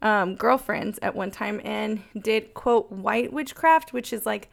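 Chatty woman with gravelly fry. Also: mid-range voice, takes it slowly. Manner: chatty, lots of "like" and "um" fillers. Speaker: podcast co-host. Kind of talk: casual chat about songs.

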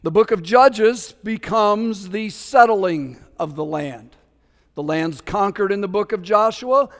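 A man preaching in a fairly high voice, animated and conversational, playing out the voices in the scripture and drifting into casual asides. His words ring out with a long reverb, like a large sanctuary. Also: slow. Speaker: pastor. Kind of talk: sermon.

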